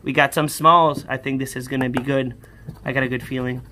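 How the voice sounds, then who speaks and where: A young man chatting through a scratch-off lottery vlog, repeating catchphrases and breaking into high excited yells. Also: a little fast. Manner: bursts into high shouts and sing-song yells when winning; chatty, repeats catchphrases like "holy smokes" and "booyah". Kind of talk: casual excited vlog commentary.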